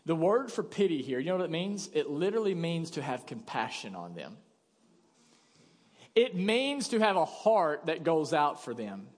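High-voiced pastor preaching in a church. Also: male voice, big pitch swings, normal speed. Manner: conversational preaching with acted-out quotes. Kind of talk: sermon. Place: church sanctuary. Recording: long church reverb.

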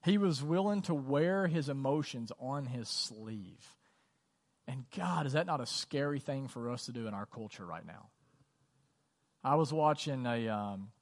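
A man's voice: mid-range voice, expressive, unhurried. A man preaching a sermon as pastor, conversational and earnest, repeating phrases for emphasis. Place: church sanctuary. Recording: long church reverb.

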